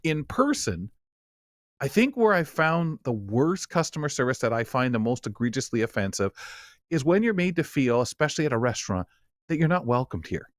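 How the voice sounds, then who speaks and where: A man hosting a talk show in casual studio chat, animated, acting out quoted voices as he talks. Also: mid-range voice, moderate pace, no room sound.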